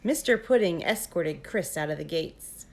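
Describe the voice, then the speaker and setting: A woman reading a children's picture book aloud in steady, plain narration. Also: fairly low pitch, normal speed. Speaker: guest story reader.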